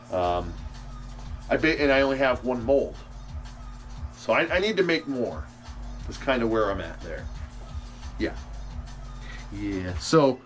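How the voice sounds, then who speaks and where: A man in a workshop talks casually through a livestream, answering viewers' questions. His voice sits at an ordinary middle pitch, and he rambles, doubles back on his words and drops the occasional curse. Faint music plays quietly in the background. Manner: rambling, restarts often, casual swearing. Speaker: fishing lure maker hosting a livestream. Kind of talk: casual live-stream chat answering questions.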